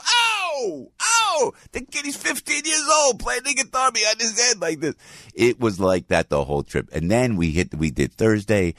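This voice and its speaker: A middle-aged man hosting a radio show, telling a story with excited emphasis. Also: deep voice, no room sound, studio quality. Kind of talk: animated storytelling monologue.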